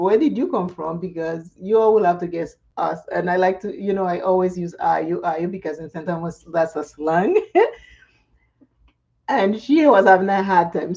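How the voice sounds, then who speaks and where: A woman's voice: lowish voice, mellow. Laughing woman telling stories. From Caribbean. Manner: chatty storyteller, laughs often. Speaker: makeup vlogger. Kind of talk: casual chat while doing makeup. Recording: dull lo-fi sound.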